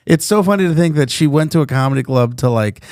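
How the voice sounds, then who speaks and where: A man's voice: on the high side, lively intonation, fast talker, a little mellow, dry recording, clean studio sound. A man who is a stand-up comedian, chatting casually on a podcast with a loose, rambling delivery full of fillers.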